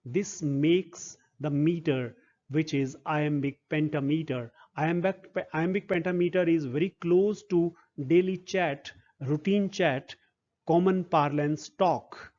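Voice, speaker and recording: A man, a literature professor, slowly explaining a poem in a recorded lecture, with frequent fillers and repeated words. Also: a little high, a little mellow, lo-fi sound.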